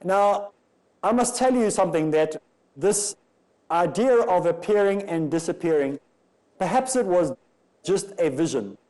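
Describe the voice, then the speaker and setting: Guy giving a lecture, kinda high pitched, keeps firing rhetorical questions. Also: animated, measured pace, darkish tone, rough recording. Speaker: Islamic lecturer. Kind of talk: religious lecture.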